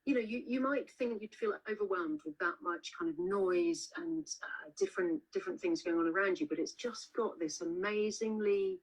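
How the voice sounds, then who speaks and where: A woman's voice: mid-range voice, animated, moderate pace, few pauses, slightly rough, rough recording. A woman author being interviewed over a video call, telling stories in a chatty way with many restarts and fillers. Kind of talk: casual interview chat.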